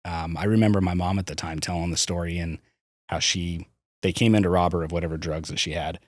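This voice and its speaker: Low-voiced man telling hard stories. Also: fairly even intonation, fast talker, dry recording. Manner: frank, swears, hesitant restarts. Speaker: podcast guest. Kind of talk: candid personal storytelling.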